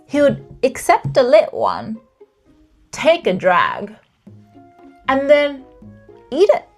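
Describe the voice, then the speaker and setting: Woman, podcast host, storytelling narration, animated pitch, wry asides, faint music behind. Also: takes it slowly.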